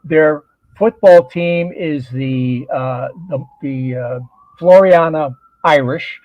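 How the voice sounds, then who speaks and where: A man's voice: a little high, slow pace, no echo, lo-fi sound. A man, co-host of a podcast, chatting as a guest and telling stories with frequent restarts. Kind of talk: casual interview chat.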